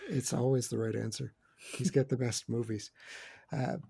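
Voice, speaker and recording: A man's voice: mid-range voice, steady tone, normal speed, gravelly, dark tone, slightly rough. A man co-hosting a casual film podcast roundtable, chatty and opinionated with joking asides. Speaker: podcast co-host.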